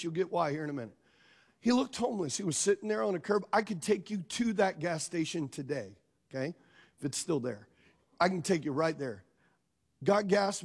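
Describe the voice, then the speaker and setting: Middle aged guy preaching, high voice, tells stories, keeps asking the crowd stuff. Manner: animated storytelling, asking the crowd questions. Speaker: pastor. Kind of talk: sermon.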